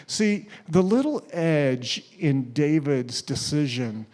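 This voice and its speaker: A man preaching in an unhurried, drawn-out way with a fairly high voice. He tells the story with acted-out quotes and lets his voice fall almost to a whisper on key lines. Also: expressive, darkish tone. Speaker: pastor. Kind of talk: sermon.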